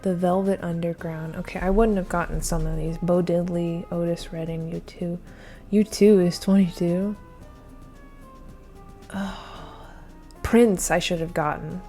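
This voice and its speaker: A woman's voice: fairly low pitch, steady tone, moderate pace, dark tone, soft background music. Flustered woman muttering through a quiz. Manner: flustered, muttering, many ums. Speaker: quiz video creator. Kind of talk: casual thinking aloud during a quiz.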